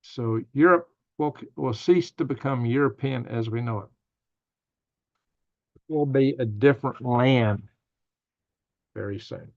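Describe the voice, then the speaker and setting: A man's voice: medium pitch, unhurried, vocal fry, long pauses, a little mellow, dull audio. A man hosting a casual livestream, reading viewer comments aloud and answering them in a rambling, thinking-aloud way. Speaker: livestream news host.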